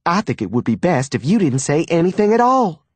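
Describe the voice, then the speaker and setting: A man voicing a bossy, gossiping middle-aged mother, in a sharp, domineering manner. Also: fairly low pitch, sing-song, measured pace, no echo, pitched above the performer's own voice. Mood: scolding.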